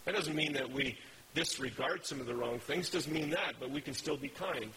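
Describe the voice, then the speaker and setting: A man's voice: a little high, normal speed, gravelly, pushed and bright, slight background noise, poor audio. A man preaching a sermon, telling a story in a conversational way. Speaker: pastor.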